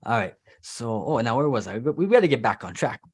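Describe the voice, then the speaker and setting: A man hosts a casual interview with a former student. He talks in an easy, chatty way at a mid pitch and keeps up a steady stream of short "mm-hmm" replies while she speaks. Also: brisk, breathy edge. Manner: relaxed, chatty, many "mm-hmm" backchannels. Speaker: English teacher and interview host.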